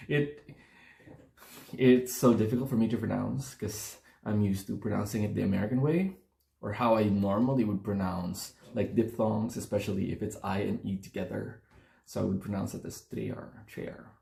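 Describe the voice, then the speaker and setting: Casual vlogger, man, low, warm-toned voice, rambling and correcting himself. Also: fairly even intonation, moderate pace, gravelly, roomy sound. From Philippines. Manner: chatty, rambling, self-correcting. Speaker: beer-tasting vlogger. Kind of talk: casual chat to camera. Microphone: phone camera.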